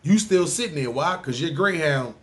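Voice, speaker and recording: Nyc guy hosting his own podcast, kinda high voice, cursing and going off casually. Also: normal speed. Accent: New York City. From New York City. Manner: animated, profane street talk. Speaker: podcast host. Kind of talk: casual monologue ranking places.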